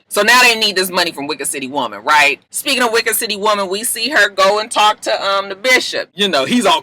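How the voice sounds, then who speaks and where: Sassy, very bright-voiced woman. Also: on the low side. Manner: animated, sassy, swears freely. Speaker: TV show reviewer. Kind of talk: casual recap vlog.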